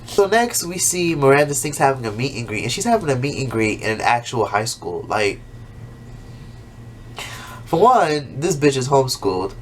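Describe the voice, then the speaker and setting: A man's voice: mid-range voice, big pitch swings, normal speed, a little hiss or hum. A man talking casually as a YouTuber, recapping a TV episode with plenty of swearing and jumping into exaggerated voices for the characters. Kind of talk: casual, profane recap monologue.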